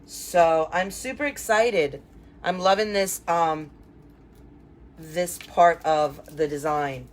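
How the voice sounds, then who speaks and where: Speaking slowly in a low-pitched voice, a woman who designs wreaths runs a chatty live crafting tutorial. She's upbeat, welcomes viewers by name, and sprinkles in plenty of fillers and side remarks to them.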